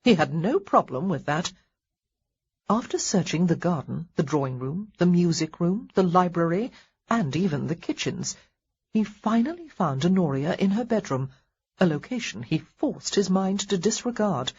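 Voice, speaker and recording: In scripted audiobook narration, a woman tells the story with wry expressiveness, her husky, breathy, fairly low voice sweeping up and down in lively arcs at a moderate pace. The sound is dull and muffled.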